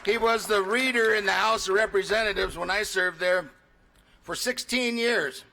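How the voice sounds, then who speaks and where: A middle-aged man, a state legislator, giving formal ceremonial remarks in a measured way with pauses. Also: high-pitched, vocal fry, sharp tone.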